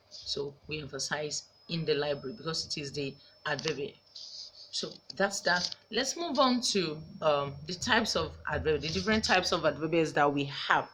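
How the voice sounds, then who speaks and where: A woman teacher from Nigeria giving a recorded grammar lesson, slowly repeating each example sentence. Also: low voice, fairly bright tone, a little hiss or hum.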